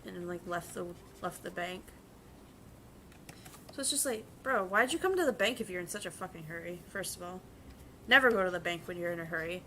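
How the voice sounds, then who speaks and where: A young woman who is a vtuber streamer and bank teller chats casually while drawing, telling profane stories and doing the voices of people she quotes. Her voice sits lowish but comes across bright and forceful through her desk mic, with a faint hiss in the background.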